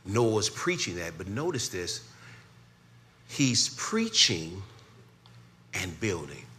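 A pastor preaching a sermon, building from calm teaching to loud, shouted climaxes. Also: male voice, low-pitched, slow.

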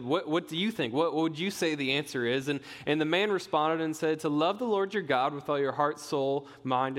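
Young pastor preaching in a reverberant hall. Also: male voice, a little high. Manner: conversational, self-deprecating humor, animated storytelling. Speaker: pastoral resident. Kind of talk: sermon with personal storytelling. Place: church sanctuary. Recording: long reverb of a church hall.

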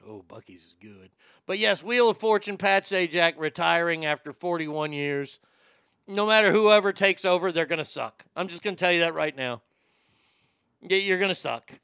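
A man hosting a talk show, telling a childhood story in a casual, wry and animated way, with some swearing. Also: high-pitched, normal speed, vocal fry, smooth, dry recording, studio quality.

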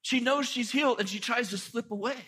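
A middle-aged man preaching a sermon, telling stories with lively asides and quick jokes. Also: very high-pitched, breathy edge. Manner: animated storytelling with quick asides.

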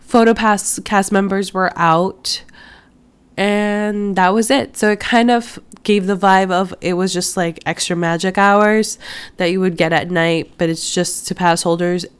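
A woman's voice: medium pitch, clear, resonant tone. A young woman who hosts a podcast, talking casually while sick, with a nasal-sounding voice and many fillers and restarts. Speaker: podcast host. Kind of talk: casual chat.

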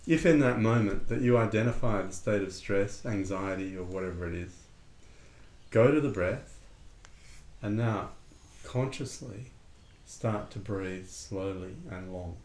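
A man teaching a breathing lesson in a calm, conversational way, acting out little dialogues as he explains. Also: lowish voice, a little slow. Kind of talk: relaxed spoken lesson with a student. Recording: echoey room with faint ambient noise.

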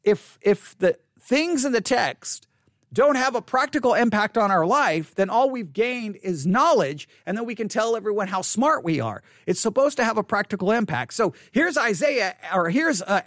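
High-voiced candid male pastor. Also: expressive, moderate pace, fairly bright tone, no room sound, clean studio sound. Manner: candid, self-deprecating, repeats phrases. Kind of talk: sermon podcast.

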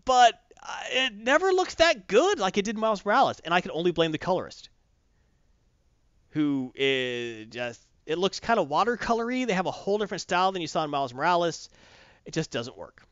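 Guy with a high lively voice trashing a comic, swears a lot, dry dull recording. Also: brisk, no room sound. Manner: blunt and profane, mocking, animated. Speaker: comic book reviewer. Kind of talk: casual opinionated review chat. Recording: dull dry close-mic sound.

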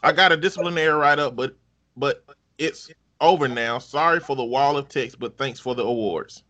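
Bright-voiced man reading stories aloud. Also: medium pitch, moderate pace, muffled recording. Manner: wry, laughing, profane. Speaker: podcast host reading online stories. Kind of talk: casual story reading.

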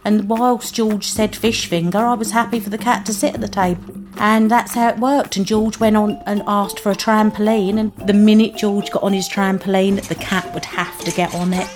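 A woman's voice: medium pitch, little pitch movement, normal speed, background noise. A British mother telling her own story in a plain-spoken, earnest and emotional way. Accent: British English. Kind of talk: first-person storytelling. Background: music underneath.

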